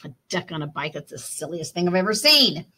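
A woman voicing an unimpressed female farm cow in a picture-book reading, talking in a low, muttered aside. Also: big pitch swings, fairly quick, bright, forceful tone, breathy edge, exaggerated voice. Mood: skeptical.

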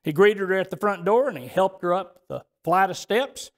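A man's voice: high voice, lively intonation, normal speed. A male pastor preaching a sermon to his congregation, telling a story and reading scripture, often restarting his phrases.

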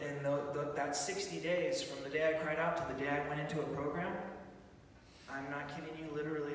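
A man giving an excited, animated church testimony, telling his story with many restarts. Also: a little high, slight background noise. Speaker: testimony speaker. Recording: echoey hall, far mic.

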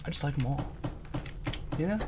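Excitable man yelling at a game. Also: fairly high pitch, normal speed, noisy background. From Mississippi. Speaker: gameplay commentator. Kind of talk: let's play commentary.

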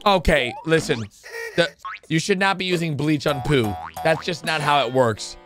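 A man hosting a reaction video, excitably narrating what he sees and laughing often. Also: a little high, moderate pace, music in the background. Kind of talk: casual reaction commentary.

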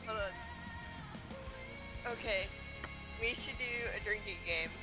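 A woman chats casually on a voice call. She stumbles over her words, repeats herself, and fills pauses with small hesitations. Her pitch is in the middle range. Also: lively intonation, music in the background. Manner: rambling, hesitant, filler-heavy. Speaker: friend on the call. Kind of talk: casual chat.

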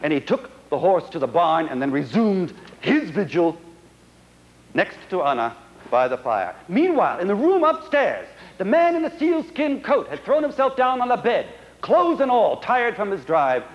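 A man telling a comic melodrama on stage in a theatrical, animated way, on a dull old recording. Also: sits high, moderate pace. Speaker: stage performer. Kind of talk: comic dramatic storytelling on stage.

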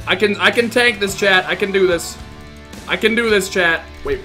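Man, game streamer, excitable, chatting with viewers, bright tone, faint music behind. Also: sits high, moderate pace. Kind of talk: live gaming stream chat.

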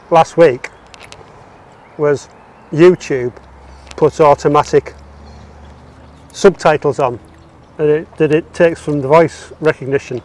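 A man's voice: on the high side, a little mellow. A man chatting outdoors on a walk, joking playfully. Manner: jokey, playful, laughs at his own jokes. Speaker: co-host of a walking podcast. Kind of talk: casual chat. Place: outdoors among palm trees.

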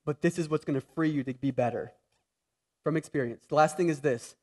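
Man, pastor, high voice, sermon, loud emphatic stretches, quiet confessional stretches, thirties. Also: brisk. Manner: swings between loud emphatic and soft confessional.

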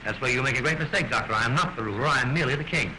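A man's voice: medium pitch, very fast, sharp tone, low-quality recording. An actor playing a weary, wry middle-aged king of a small nation, speaking in a dry, ironic, understated way, in 1930s film style. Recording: hissy early 1930s film soundtrack.

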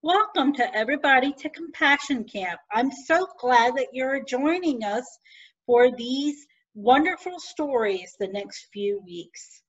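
Lady deacon talking slow to kids, gentle questions, kinda muffled lo-fi audio. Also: high-pitched, expressive. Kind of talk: children's lesson.

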